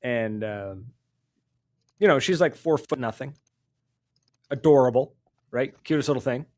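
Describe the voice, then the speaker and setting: On his podcast, a man with a mid-range voice tells stories a little slowly and casually. He brings them to life by imitating the people involved, often breaking into laughter.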